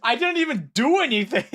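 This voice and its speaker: Very high-pitched and slightly rough, an excitable young man streams live and reacts casually to what viewers write. He's a native Korean speaker whose talk is apologetic and sweary, broken up by plenty of laughter and restarts.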